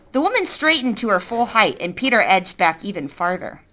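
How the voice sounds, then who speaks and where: Woman reading a kids book out loud, bright voice, lots of ups and downs, fixes her own slips. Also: mid-range voice, fairly quick, few pauses. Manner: expressive, self-correcting. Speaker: reader. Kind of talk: reading a children's novel aloud.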